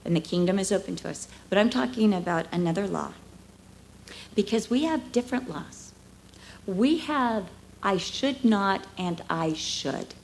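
A middle-aged woman preaching a sermon, expressive, acting out voices and dropping to hushed asides. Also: mid-range voice, moderate pace, a little hiss or hum. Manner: expressive, acts out dialogue, drops to hushed asides.

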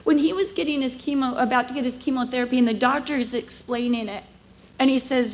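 A woman in her fifties giving a conversational sermon at church, telling emotional stories with lively swings from hushed to animated. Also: sits high, fast, low-quality recording. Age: 50s. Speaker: speaker at a church.

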